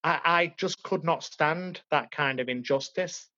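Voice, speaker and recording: A man's voice: fairly high pitch, measured pace, pushed and bright, no room sound. A man from Liverpool, England, telling his life story as an interview guest in an earnest, emotional, reflective way. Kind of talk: personal life story in conversation. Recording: dull, lo-fi, dry.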